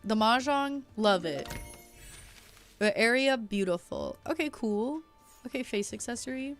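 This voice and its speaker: Young woman streaming, slangy and chatty, yelps at the game, soft music under her. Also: a little high, animated, unhurried. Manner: chatty, slangy, reads chat aloud, loud outbursts at the game. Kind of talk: casual game stream chat.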